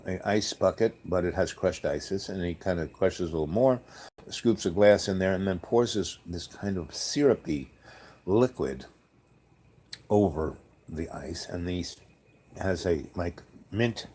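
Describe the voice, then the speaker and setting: A man casually telling a rambling, animated travel story, acting out the people in it. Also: sits low. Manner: rambling, animated anecdote with quoted voices.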